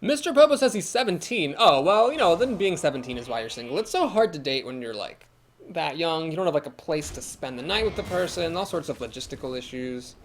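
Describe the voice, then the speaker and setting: Brisk and sing-song, a high-ish male voice from Ohio narrates a card game stream, with a little hiss or hum in the background. The young Midwesterner chats, reasons out loud, reads comments from chat, and laughs easily.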